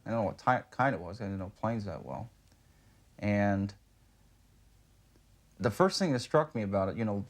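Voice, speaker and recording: A man being interviewed, recounting a personal experience in a plain, halting way full of "you know". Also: lowish voice.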